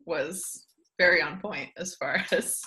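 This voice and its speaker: A woman's voice: low voice, slow pace, bright, forceful tone, rough recording. A woman chatting casually on a podcast, giggly and rambling, often interrupting herself. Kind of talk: casual chat.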